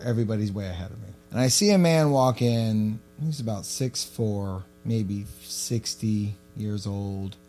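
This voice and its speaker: A man, co-hosting a podcast and telling a story in casual chat. He swears freely and gets loud and animated. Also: fairly low pitch. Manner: profane, animated storyteller who shouts when quoting himself. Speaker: podcast co-host.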